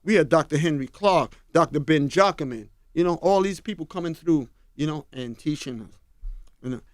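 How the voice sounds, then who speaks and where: An older man tells stories at an unhurried pace, often sinking into a low, confiding tone. His voice sits a little high for a man. It is recorded close and dry in a radio studio. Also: a little mellow, dry recording. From Harlem, New York. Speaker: guest, fashion designer. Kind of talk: storytelling in a radio interview. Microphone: studio mic.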